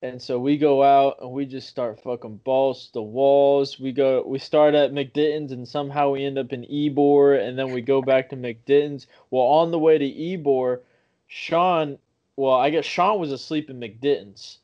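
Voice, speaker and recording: A man's voice: mid-range voice, fairly even intonation, normal speed, mellow. A young man telling a rambling story in casual talk, swearing often and correcting himself as he goes. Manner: profane, rambling, self-correcting. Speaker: podcast guest. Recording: dull lo-fi sound.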